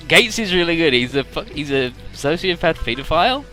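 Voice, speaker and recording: A man's voice: fairly high pitch, expressive, brisk, sharp tone, faint music behind. A man giving casual let's-play commentary, rambling through retellings with swearing.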